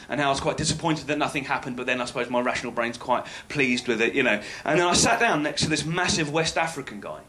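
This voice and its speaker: London male stand-up comic, somewhat high-pitched, wry conversational storyteller. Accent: London English. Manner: wry, conversational, bursts of loud exclaiming. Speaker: stand-up comedian.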